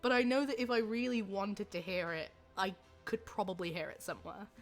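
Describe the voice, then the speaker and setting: A woman's voice: medium pitch, steady tone, brisk. A young woman streamer in casual chat, giggly and full of "like" fillers. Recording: faint music in background.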